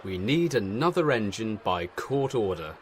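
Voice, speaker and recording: A man's voice: fairly low pitch, very animated, unhurried, background noise. A man giving scripted narration of a comic story in a wry storytelling manner.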